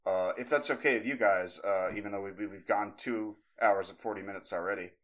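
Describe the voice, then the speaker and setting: A podcast co-host in his thirties with a lowish voice talks a little fast while telling a long story. He rambles with many fillers and restarts, staying animated and acting out the story's voices.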